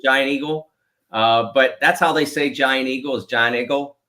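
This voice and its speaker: A man's voice: medium pitch, steady tone, moderate pace, pushed and bright. A man grew up around Pittsburgh, a sports writer guest on a radio show who explains things with many stammered repeats. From Pittsburgh area. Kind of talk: casual radio interview chat.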